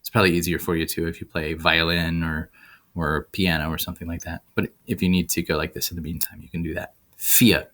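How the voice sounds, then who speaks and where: A male teacher with a very low voice walks beginners through a German lesson. He says each word slowly and repeats it with deliberate care. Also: level tone, a bit bright. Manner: slow, deliberate word repetitions. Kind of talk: language lesson video.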